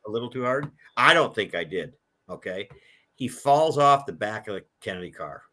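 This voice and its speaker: In a relaxed interview, an older man who collects a presidential car spins a long, meandering story at a moderate pace in a fairly low voice that still comes across bright and forceful. He keeps restarting, chatting loosely and voicing the people he quotes.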